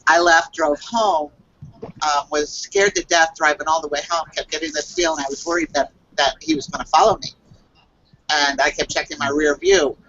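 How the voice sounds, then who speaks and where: Bright-voiced woman telling a story on a call. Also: deep voice, steady tone, a little hiss or hum. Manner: halting, earnest telling with many fillers and restarts. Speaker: psychic reader. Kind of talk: casual storytelling on a video call. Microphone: video call. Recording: lo-fi video call audio.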